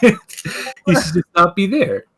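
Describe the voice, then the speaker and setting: A man's voice: high voice, very animated, takes it slowly, a bit bright. A man hosting a casual gaming podcast, ranting with plenty of swearing and filler words. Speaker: podcast host. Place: streaming setup.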